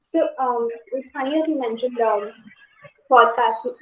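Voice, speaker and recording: A young woman interviewing a guest, asking questions with many pauses and "um"s. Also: fairly high pitch, reverberant, poor audio. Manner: hesitant, with many "um"s.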